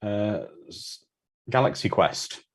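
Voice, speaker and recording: A man's voice: on the low side, expressive, slow. A man hosting a live watch-party commentary, chatting casually and answering viewer comments.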